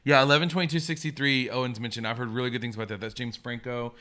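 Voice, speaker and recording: Bright, chatty live-stream host, a man. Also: medium pitch, steady tone, very fast. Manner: chatty, enthusiastic, reacts to viewer comments. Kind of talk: casual live-stream chat.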